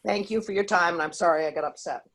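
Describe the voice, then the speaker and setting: A woman's voice: lowish voice, fast, rough recording. A woman with a Maine accent, calling in to a town meeting to give an angry, emphatic public comment. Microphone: remote call-in.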